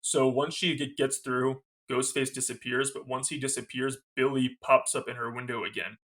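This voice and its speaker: A man's voice: mid-range voice, fairly even intonation, normal speed, a bit bright. A man co-hosting a podcast, recapping a movie scene in casual chat, quoting its lines and laughing often. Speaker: podcast co-host.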